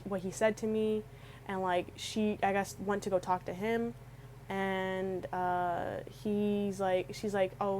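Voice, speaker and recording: A woman's voice: mid-range voice, darkish tone, a little hiss or hum, low-quality recording. A young woman vlogger telling an emotional personal story in a rambling way, often restarting her sentences. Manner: emotional, rambling, with frequent restarts and quoted dialogue.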